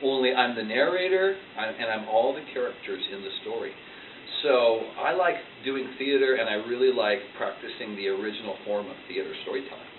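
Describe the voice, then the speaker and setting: A man who tells stories for a living talks in a playful, animated way. He sits at some distance from the mic in an echoey library. The sound is thin and phone-like, with steady background noise. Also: medium pitch, brisk. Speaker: storyteller being interviewed. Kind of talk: casual interview answers. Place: school library. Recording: tinny, distant, echoey and noisy.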